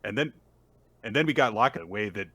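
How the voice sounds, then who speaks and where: A man's voice: lowish voice, animated, fairly quick, a bit bright, breathy edge, no room sound. A man co-hosting a manga podcast, chatting casually with many fillers and restarts over a remote call. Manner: rambling, many fillers, laughs at jokes. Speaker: co-host of a manga recap podcast.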